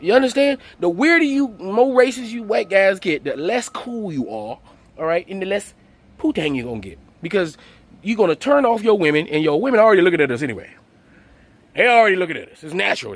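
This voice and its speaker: A man hosting his channel, delivering a profane, mocking comedic rant full of rhetorical questions. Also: a little high. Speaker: channel host.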